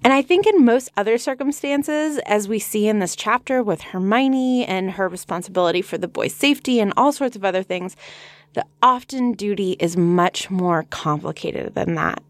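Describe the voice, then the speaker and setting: An earnest, reflective woman co-hosts a podcast in easy conversational discussion. Her voice sits at an ordinary middle pitch for a woman. The recording is close and dry, with no room sound. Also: lively intonation, normal speed, dry recording. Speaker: podcast co-host.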